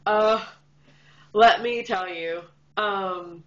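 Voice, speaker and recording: Speaking extremely slowly at a medium pitch, a young adult woman vlogs from a room lit by a window. She's from Kansas, with a Midwestern accent touched by a slight Southern twang, and her casual chat is bubbly and full of fillers. The recording sounds muffled.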